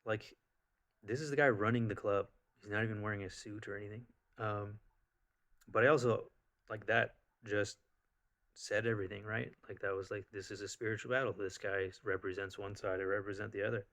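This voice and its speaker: Casual vlogger, man, lowish voice, rambling, animated storyteller. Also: brisk. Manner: rambling, animated, full of fillers.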